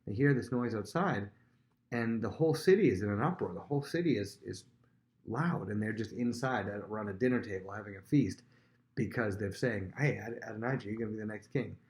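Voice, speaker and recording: A man teaching a casual Bible lesson, retelling the story in a chatty way with lots of fillers and quick acted-out quotes. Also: lowish voice, a little mellow. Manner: chatty, many fillers, acts out quotes in voices.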